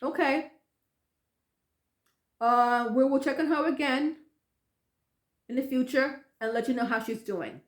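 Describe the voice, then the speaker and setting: Woman playing a formal, calming man on the phone, polite, echoey room. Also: high-pitched, a little slow, long pauses. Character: polite male official on the phone.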